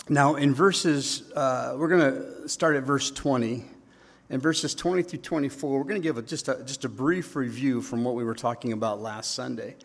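A man delivers a sermon at an unhurried pace, mid-pitched and conversational. He jokes with his listeners and checks in with quick tag questions. His voice carries a long reverb from the church hall around him. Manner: chatty, joking, leans on tag questions. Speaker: pastor. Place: church sanctuary.

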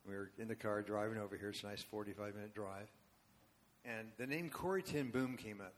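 A man's voice: fairly low pitch, brisk, slight background noise. Older man telling a rambling sermon story. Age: 70s. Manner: rambling and conversational, asides to the congregation. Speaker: guest speaker and worship leader. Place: church before a congregation.

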